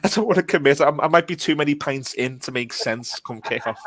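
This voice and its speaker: A man's voice: on the high side, fairly quick, over a noisy crowd. A man with a Scouse accent hosting a casual football podcast, chatty and self-deprecating with joking banter. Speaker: podcast host.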